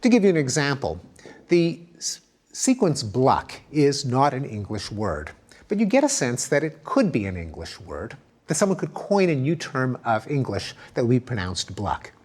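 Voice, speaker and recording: Middle-aged male lecturer, mid-pitched, very animated intonation, explanatory. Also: normal speed. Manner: explanatory, demonstrates sounds aloud; lively, emphatic intonation. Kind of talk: recorded academic lecture.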